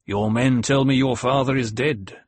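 A man's voice: mid-range voice, fairly even intonation, unhurried, breathy edge, no room sound. A man voicing a weary, angry male soldier who talks bluntly, with a hard edge. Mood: grim.

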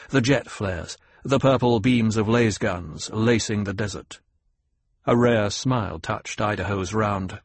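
Male audiobook narrator, low husky voice, dry close sound, measured reading. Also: no room sound. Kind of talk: scripted narration.

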